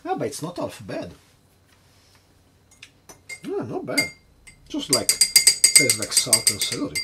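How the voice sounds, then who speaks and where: Lively-voiced man hosting a cocktail vlog. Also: medium pitch, takes it slowly, noisy background. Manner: chatty, hesitant, nervously self-mocking. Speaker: home bartender host. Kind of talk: casual cocktail-making vlog.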